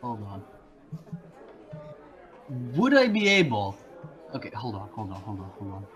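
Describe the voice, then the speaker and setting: A man playing a tabletop game who thinks aloud in a slow, hesitant way. His pitch swings widely, and a faint crowd murmur sits behind him. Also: huge pitch swings, a bit bright, faint music behind. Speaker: player.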